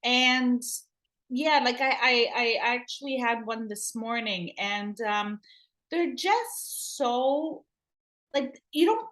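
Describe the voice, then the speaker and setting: A middle-aged woman medium telling stories in a casual, animated way, acting out what people said. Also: a little high, takes it slowly. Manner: animated, acts out dialogue in quotes. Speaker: spiritual medium. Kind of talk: conversational storytelling.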